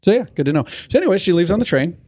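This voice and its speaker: A man co-hosting a podcast in casual chat, rambling and swearing as he recaps a cartoon episode and acts out lines in quick bits. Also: high voice, sing-song, darkish tone, no echo. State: has the hiccups. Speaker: podcast co-host.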